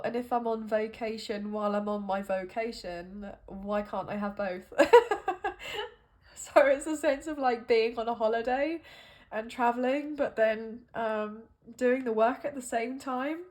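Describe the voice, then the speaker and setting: Slow, musing woman reading tarot. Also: fairly high pitch, darkish tone. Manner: musing and hesitant, thinking aloud with many fillers. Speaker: tarot card reader. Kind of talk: intuitive tarot reading monologue.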